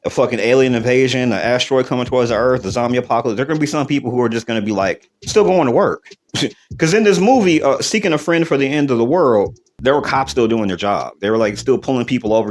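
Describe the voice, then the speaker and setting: A man hosting a podcast in casual chat, emphatic and profane, often asking "you know what I'm saying". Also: lowish voice. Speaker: podcast host.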